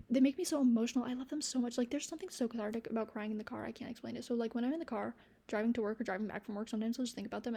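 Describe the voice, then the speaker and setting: A young woman vlogging about books in a casual, gushing way, giggling often and sometimes dropping to a soft near-whisper. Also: a little high, vocal fry. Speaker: book vlogger. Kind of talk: casual chat to camera.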